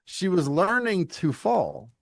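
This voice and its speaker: A middle-aged man from Louisiana, a leadership coach talking as a podcast guest in an animated, emphatic, folksy storytelling way. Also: sits high, slow pace, vocal fry, no room sound. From Louisiana, United States. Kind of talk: conversational interview.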